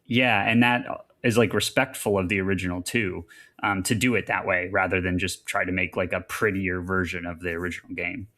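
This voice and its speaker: Male co-host, low-pitched, thoughtful casual chat, filler-heavy. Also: fairly even intonation, fairly quick, sharp tone. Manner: thoughtful, lots of like and um. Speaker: podcast co-host.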